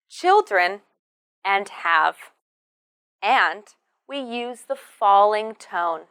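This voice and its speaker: A woman with a bright, medium-pitched voice teaches English slowly and very animatedly. In this clearly enunciated pronunciation lesson, she models words carefully, drawing them out.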